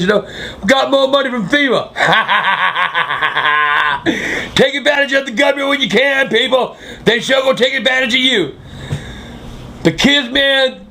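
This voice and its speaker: An older man with a gravelly voice, telling a crude, swear-filled story as host of his own vlog. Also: very high-pitched. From South Carolina. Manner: crude, swearing constantly, loud outbursts. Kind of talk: profane storytelling.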